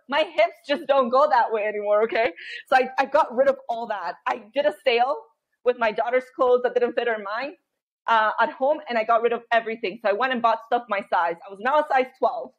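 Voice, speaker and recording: Woman, thirties, high voice, podcast guest, candid animated storytelling. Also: fairly quick, highs cut off. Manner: animated storytelling, frequent laughter and quoted inner voice.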